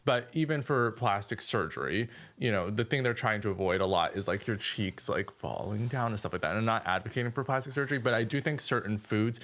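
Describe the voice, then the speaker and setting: Measured man in his thirties. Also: on the low side, fairly bright tone. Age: 30s. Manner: measured, explains theories. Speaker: podcast co-host. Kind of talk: casual chat.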